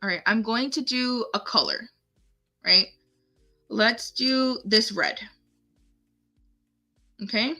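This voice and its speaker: A woman runs a casual live craft tutorial from her home setup, chatting to herself and her viewers while clicking through the steps on screen. Her voice is fairly high and sharp, she goes slowly with frequent pauses, and faint music plays behind her.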